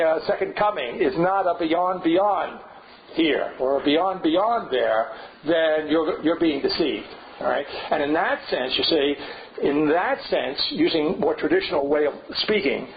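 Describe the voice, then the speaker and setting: An older man leading a seminar on scripture, thinking aloud with frequent restarts and asides. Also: on the high side. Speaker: seminar leader. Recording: dull lo-fi recording with faint hiss.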